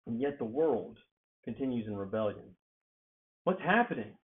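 A man preaching a sermon, rising high and loud on key words and dropping low and soft between them. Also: big pitch swings, normal speed. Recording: tinny phone-like sound.

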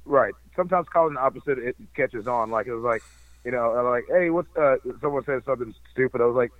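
A man in casual chat, talking haltingly with many fillers and restarts. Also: mid-range voice, no room sound. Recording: dull, dry lo-fi recording.

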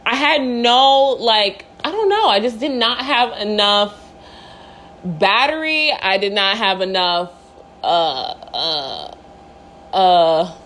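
A woman's voice: mid-range voice, slow pace. A young woman vlogger telling a story in a casual, dramatic, swear-filled way. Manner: animated, profane, dramatic.

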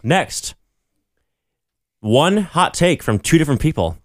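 A man's voice: on the high side, sing-song, slow, dry recording, studio quality. A young man co-hosting a casual podcast, laid-back as he reads out listener takes and riffs on them. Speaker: podcast co-host. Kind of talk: casual chat, reading listener submissions.

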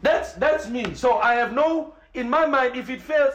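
A man, a preacher telling a story in an excited way, often repeating words and laughing as he talks. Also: very high-pitched, unhurried, reverberant, dull audio. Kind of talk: animated storytelling.

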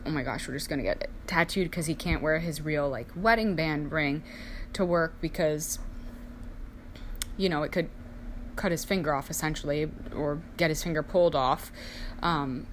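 A woman's voice: lowish voice, a little hiss or hum. A young woman casually telling personal stories, chatty, saying "like" a lot and acting out family members' lines. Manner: chatty, heavy use of "like", acts out family voices. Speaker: storyteller sharing personal life.

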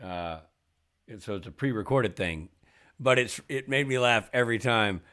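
A man in his thirties or forties co-hosting a casual comedy podcast, joking and acting out phone calls in quick voices. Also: mid-range voice, lively intonation, pushed and bright, clean tone. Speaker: podcast co-host.

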